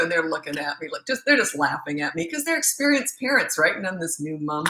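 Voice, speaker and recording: Woman parenting coach, casual live Q&A, bright tone, animated storyteller, echoey room. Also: medium pitch, fast, gravelly, few pauses, slight background noise. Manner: animated storyteller, laughs often.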